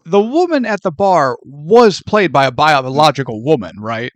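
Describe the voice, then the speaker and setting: A man co-hosting a podcast, chatting casually about a film in an animated way, laughing and acting out scenes. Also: on the high side, normal speed, no room sound. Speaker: podcast co-host. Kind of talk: casual movie chat.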